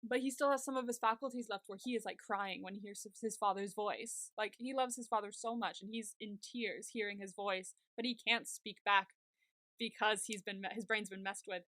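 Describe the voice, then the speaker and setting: A woman's voice: mid-range voice, steady tone, a little fast, a bit bright, no room sound. A young woman co-hosting a podcast, animatedly retelling a TV episode in casual chat, full of "like" and fillers. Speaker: podcast co-host.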